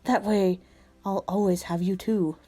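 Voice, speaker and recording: A woman voicing a gentle male demon who tenderly says goodbye to his lover, speaking softly and sometimes whispering. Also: mid-range voice, fairly even intonation, a little slow, husky, pitched above the performer's own voice.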